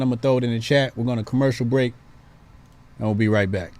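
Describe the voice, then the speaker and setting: A man's voice: medium pitch, fairly even intonation, normal speed, long pauses, a little mellow. A man hosting a call-in show, giving emphatic, preachy political commentary and repeating points for stress.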